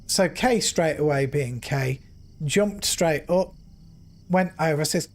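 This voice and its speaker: A middle-aged man streaming a game, telling an emotional story in an earnest, animated way. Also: a little high, slow pace. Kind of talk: casual storytelling while gaming.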